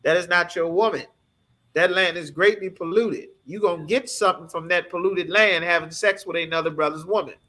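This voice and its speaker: A man from the United States leads a scripture class with a high voice. He preaches emphatically in a streetwise way and keeps asking his listeners rhetorical questions. His tone is bright and forceful. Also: brisk.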